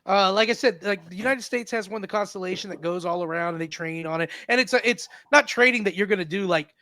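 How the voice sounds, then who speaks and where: A man's voice: high-pitched, quick pace, pushed and bright, no room sound. A male radio comedy host chatting casually on air, explaining things in a rambling way with restarts. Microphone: studio microphone.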